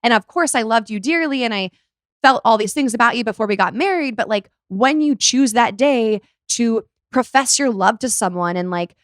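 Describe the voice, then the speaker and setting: A woman's voice: fairly high pitch, no room sound, studio quality. A young woman hosting a podcast, chatting casually and acting out quoted voices as she talks. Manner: chatty, animated, quick to act out quoted voices. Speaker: podcast host. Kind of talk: casual chat.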